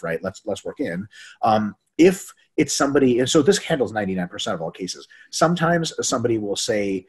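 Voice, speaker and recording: A man co-hosting a fitness webinar in casual chat, animated and profane, acting out quoted people as he tells stories. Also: mid-range voice, fast, husky. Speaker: webinar co-host.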